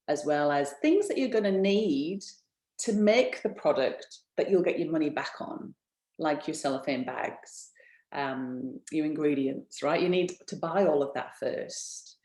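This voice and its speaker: A woman's voice: low-pitched, a little mellow. Chatty woman presenter, echoey room. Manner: enthusiastic, many ums and restarts. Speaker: business founder presenting an info session. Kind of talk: webinar presentation, casual and chatty.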